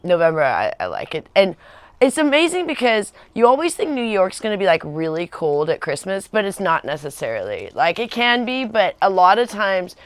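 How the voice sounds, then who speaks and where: A woman's voice: medium pitch, big pitch swings, normal speed, dry recording. A woman in her forties chatting casually on a livestream, rambling with many fillers and restarts. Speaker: vlogger on a livestream.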